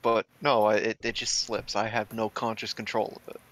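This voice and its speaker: A man's voice: fairly low pitch, level tone, moderate pace, fairly bright tone. A man co-hosting, teasing his friends and swearing in casual banter. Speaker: co-host.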